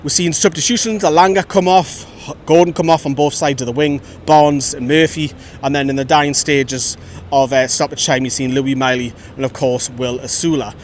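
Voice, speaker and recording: A man giving a chatty, opinionated post-match reaction as host of a fan channel, filmed outdoors by a road. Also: normal speed. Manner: chatty, opinionated, lively storytelling. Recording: faint traffic rumble outside.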